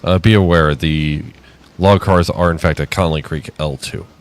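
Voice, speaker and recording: A man's voice: deep voice, fairly even intonation, normal speed, clean tone. A tired man streaming a railroad game, chatting casually with dry jokes and rambling asides. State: tired, yawning. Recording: faint background music.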